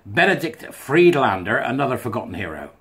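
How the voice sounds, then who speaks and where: A man's voice: mid-range voice, very animated, a little fast, fairly bright tone, slightly rough. A man reading a thread aloud and adding chatty, wry asides as a commentator. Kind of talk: casual monologue reading and commenting.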